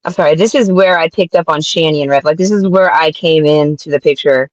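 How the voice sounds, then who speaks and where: Lower-voiced woman guest, rambling, muffled. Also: brisk, no room sound. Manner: rambling, filler-heavy, blunt. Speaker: guest on a stream. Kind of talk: casual call-in chat.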